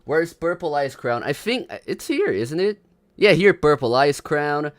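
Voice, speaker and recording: A man's voice: a little high, expressive, a little slow. A man hosting a casual livestream, chatting to viewers, greeting them by name and hyping up the stream. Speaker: livestream host.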